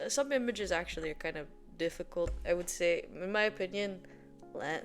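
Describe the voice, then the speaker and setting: Rambling, laughing woman host. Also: mid-range voice. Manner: rambling, with many fillers and frequent laughter. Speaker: video host. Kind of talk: casual explainer chat.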